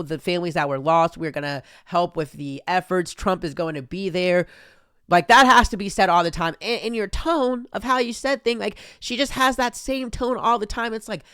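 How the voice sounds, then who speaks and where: A man's voice: sits high, a bit bright, smooth, no echo. A man reacts to clips on his stream in a rambling, sarcastic voice. He sounds exasperated and loose, and the recording is dry and close. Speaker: streamer host. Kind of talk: casual reaction commentary.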